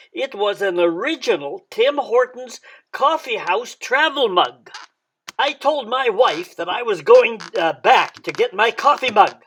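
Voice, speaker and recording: An older man from Canada telling a personal travel story in a folksy, wry way, halting often with "uh" fillers. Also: high-pitched, fairly bright tone. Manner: halting, many "uh" fillers, wry self-mocking humor.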